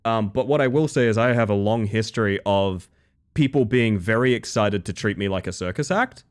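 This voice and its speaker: A man's voice: fairly low pitch, moderate pace, smooth. A young Australian man chatting casually on a game stream, reading chat messages and rambling with restarts.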